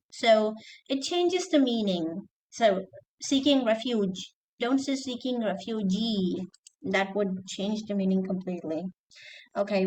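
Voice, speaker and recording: A woman's voice: on the high side, poor audio. Woman teacher giving an online lesson. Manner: explanatory, checks with "okay?", mixes in Arabic terms. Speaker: teacher trainer.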